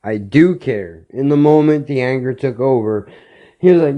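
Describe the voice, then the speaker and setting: A man's voice: mid-range voice, expressive, normal speed, highs cut off. A male podcast host telling a story as a blunt, heated rant full of swearing.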